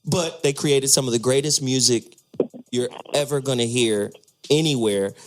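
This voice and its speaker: A man's voice: mid-range voice, normal speed, music in the background. A man hosting a casual talk radio show, emphatic and playful, with frequent swearing.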